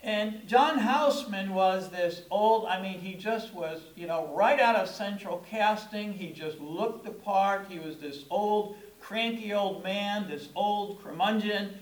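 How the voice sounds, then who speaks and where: Middle-aged male pastor, high register, conversational storytelling sermon with emphatic stresses; roomy church echo. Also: a little slow, hardly any pauses. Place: church sanctuary. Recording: echoey room.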